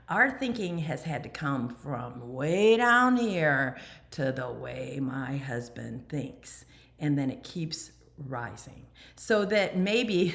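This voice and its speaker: A woman candidly talking about her recovery in an animated personal monologue, sometimes dropping to a near whisper. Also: deep voice. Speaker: recovery speaker and channel host.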